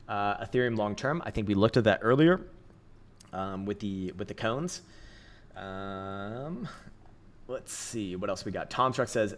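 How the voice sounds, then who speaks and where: A man hosting a crypto trading livestream, talking casually and bluntly with heavy swearing, frequent laughs and rambling restarts. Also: fairly low pitch. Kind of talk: casual livestream chart commentary.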